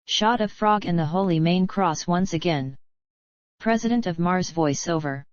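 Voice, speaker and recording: A woman reading screenplay stage directions aloud in a flat manner. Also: lowish voice, moderate pace, dry recording. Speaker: reader. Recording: dull lo-fi dry recording.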